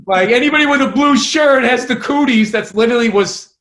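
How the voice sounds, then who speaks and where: A man co-hosting a podcast, telling comedy club stories in a profane, animated way. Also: extremely high pitch, fairly quick, roomy sound. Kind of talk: casual storytelling chat.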